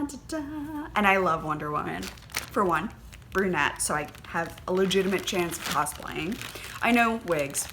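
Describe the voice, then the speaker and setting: A woman hosting a knitting podcast, chatting casually and gushing excitedly, with plenty of fillers and little gasps. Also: lowish voice, slight background noise. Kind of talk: casual chat.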